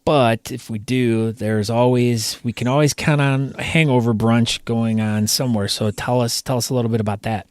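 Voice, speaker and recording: A man's voice: mid-range voice, steady tone, moderate pace, hardly any pauses, clean tone, no room sound. A man with a mid-range voice hosts a chatty podcast interview. He asks questions and throws in playful teasing. The sound is dry and close. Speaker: podcast host.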